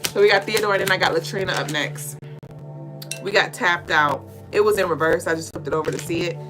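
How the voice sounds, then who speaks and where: A woman's voice: lowish voice, fairly quick, rough recording. A woman hosting a casual livestream tarot reading, reading viewer comments aloud and answering them in a loose, chatty way with fillers and the odd swear word. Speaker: livestream spiritual reader and host. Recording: music bed under the voice. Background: music playing under the voice.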